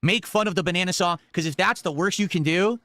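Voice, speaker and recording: Man, streamer, bright voice, dry close sound, exasperated reaction commentary. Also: high voice, quick pace, no room sound. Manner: incredulous, exasperated outbursts. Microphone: desk condenser mic.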